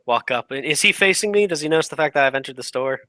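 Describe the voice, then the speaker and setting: A man's voice: on the high side, lively intonation, fast talker, bright, forceful tone, no echo, rough recording. A man describing his character's actions in a tabletop game, speaking hesitantly. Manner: hesitant, laughing often. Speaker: player.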